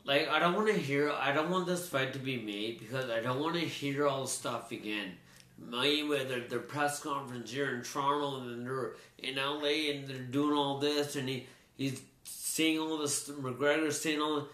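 A man's voice: mid-range voice, normal speed, fairly bright tone. A man co-hosting a casual sports chat, rambling loosely with fillers and restarts. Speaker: sports talk co-host. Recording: roomy echo.

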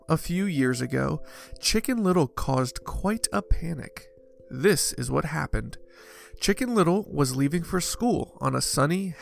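Man, children's story read-aloud, slightly high voice, gravelly, expressive rhythm. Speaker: host reading children's books aloud.

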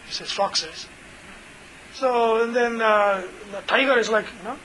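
A man leads an informal scripture class, rambling warmly through a fable with lots of fillers. His voice sits very high for a man and sounds bright. A faint hiss runs under it. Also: measured pace, rough recording. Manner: chatty, many fillers, retells stories. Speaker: teacher.

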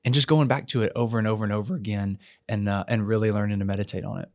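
A man, a pastor co-hosting a church podcast, speaking in an earnest, reflective way with halting restarts. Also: lowish voice, fairly even intonation, darkish tone, dry recording, clean studio sound. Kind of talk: casual conversation.

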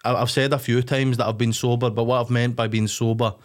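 Fast-talking Scottish man, rambling. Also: medium pitch, flat delivery. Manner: rambling with frequent restarts and swearing. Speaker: podcast guest. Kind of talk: candid casual chat.

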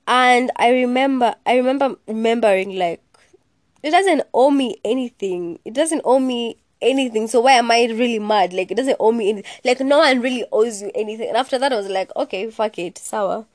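A young woman talks in a chatty, sassy way on her solo podcast, cursing freely and slipping in Swahili. Her voice sits a little high. The recording is dry and close, with no room sound. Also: a little fast, no room sound. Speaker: podcast host. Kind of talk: casual solo podcast chat.

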